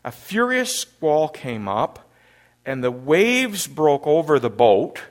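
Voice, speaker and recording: A middle-aged man from Canada preaching a sermon, an animated storyteller who acts out panicked scenes loudly. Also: a little high, slow. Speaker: pastor.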